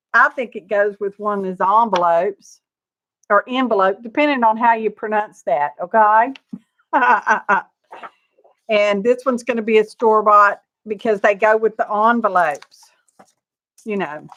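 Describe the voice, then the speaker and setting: In a muffled recording, an older woman with a medium-pitched, fairly bright voice runs a live craft show-and-tell from her studio. As the channel's host she gushes and chats, greeting viewers by name and laughing frequently.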